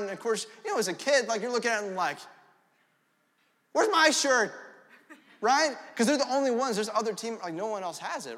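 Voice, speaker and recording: Young male pastor, high bright tone, lively storytelling sermon, long hall reverb. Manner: animated, storytelling, frequent "right?" asides. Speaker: preacher.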